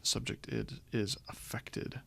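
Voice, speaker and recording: Male language instructor, gravelly low voice, patient step-by-step lecture delivery. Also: steady tone, unhurried, sharp tone. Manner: explanatory, with frequent ums and restarts. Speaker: Greek grammar teacher. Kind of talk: recorded lecture walkthrough.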